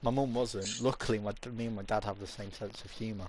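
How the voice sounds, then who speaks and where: A man's voice: lowish voice, fast, slight background noise. A young man, co-hosting a casual podcast chat and telling funny stories with laughter. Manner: animated, laughing storyteller. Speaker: podcast co-host.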